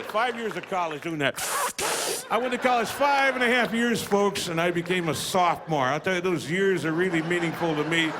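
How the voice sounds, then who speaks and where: A man performing a stand-up comedy routine, telling stories and acting out voices with deadpan punchlines. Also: sits high. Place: comedy stage with live audience. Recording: live audience, noisy room.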